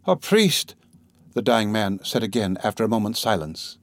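A man narrating a classic novel in a steady, measured reading that slows over grim details. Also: fairly low pitch, dry recording. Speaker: audiobook narrator. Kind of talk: scripted literary narration.

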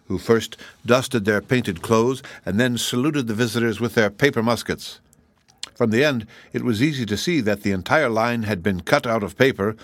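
A man narrating a children's book chapter in a steady, measured reading. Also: mid-range voice, dry recording. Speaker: audiobook narrator. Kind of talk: scripted narration.

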